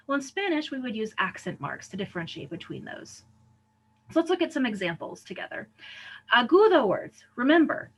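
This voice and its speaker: A woman's voice: on the high side, low-quality recording. A woman teacher giving a recorded lesson, explaining patiently and often checking in with "right?" and "okay?". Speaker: Spanish teacher.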